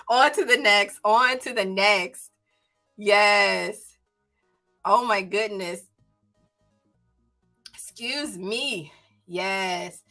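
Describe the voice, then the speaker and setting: A woman with a Southern country accent chatting casually on her book livestream, animated and exclaiming. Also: mid-range voice, drawn-out words, pauses often, faint music behind. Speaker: book channel host.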